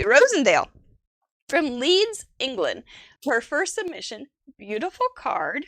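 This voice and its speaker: A woman hosting a casual craft show, chatting warmly about viewers' cards and laughing often. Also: a little high, very animated, moderate pace, no echo, clean studio sound. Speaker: host.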